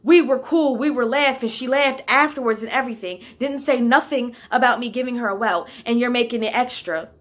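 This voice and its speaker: A young woman casually telling a storytime, animated and heated, with slang and swearing, sometimes sinking to a near whisper. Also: on the high side, fairly quick, few pauses. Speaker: vlogger.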